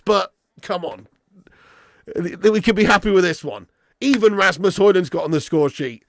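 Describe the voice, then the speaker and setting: A man hosting a live football stream, thrilled and talkative, firing off slang as he works through the chat. His slightly high voice carries a gravelly fry and is starting to go hoarse. The sound is close and dry. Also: a little fast, no echo. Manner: excitable, chatty, slangy, buzzing with joy. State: voice going hoarse. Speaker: football watch-along streamer.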